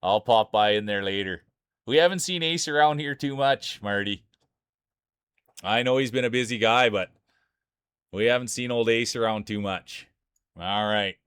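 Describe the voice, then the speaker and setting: A man's voice: fairly low pitch, normal speed, pauses often, a bit bright, clear, resonant tone, no room sound. A man streaming live, calling marble races like a sports announcer and greeting viewers by name. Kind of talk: live stream race commentary.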